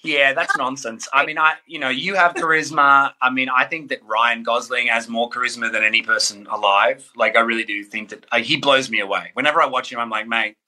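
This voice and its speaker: A man with an Australian accent chatting casually as a podcast guest, animated and rambling. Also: mid-range voice. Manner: animated, rambling, quick asides. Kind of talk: casual chat.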